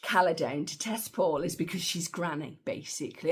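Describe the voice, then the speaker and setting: A woman's voice: low-pitched, moderate pace, a bit bright, husky. A woman giving a chatty, opinionated film review with slangy asides. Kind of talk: casual film review monologue.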